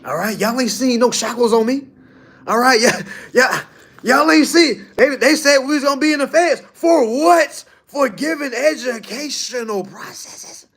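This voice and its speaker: A man's voice: extremely high pitch, unhurried. A man coaching his clients in a blunt, preachy talk, teasing them and asking "All right?" again and again. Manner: animated, mocking and laughing at his audience. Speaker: business coach addressing clients.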